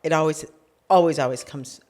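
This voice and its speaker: Low-voiced woman telling her story. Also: a little fast. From California. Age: middle-aged. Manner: animated, acts out quoted dialogue. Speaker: podcast co-host, business founder. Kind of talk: casual storytelling chat.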